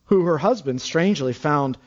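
A man delivers a sermon in a fairly high voice, stressing his points and repeating key phrases. The recording is dull and lo-fi. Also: animated, normal speed. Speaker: preacher.

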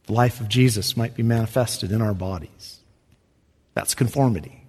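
A male pastor preaching a sermon, emphatic, his voice surging loud and then dropping to a hush. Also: lowish voice, normal speed, husky. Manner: emphatic, swinging from loud rises to hushed drops. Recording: reverberant hall.

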